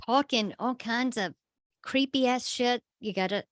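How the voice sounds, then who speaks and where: A woman's voice: a little high, measured pace, no room sound, studio quality. A woman co-hosting a podcast over a video call, chatting playfully and laughing often. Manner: giggly, playful, frequent laughter. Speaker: podcast co-host. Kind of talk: casual chat.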